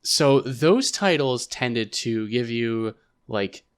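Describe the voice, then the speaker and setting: A man's voice: medium pitch, animated, slow, smooth. A young man co-hosting a casual podcast, talking in a thoughtful, rambling way with plenty of fillers. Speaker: podcast co-host.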